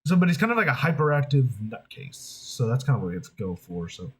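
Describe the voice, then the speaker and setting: Voice actor rambling to the camera, lots of restarts, pitch bouncing all over. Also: big pitch swings, fast, noisy background. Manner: rambling, hesitant, with many restarts. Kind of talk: casual vlog, thinking aloud.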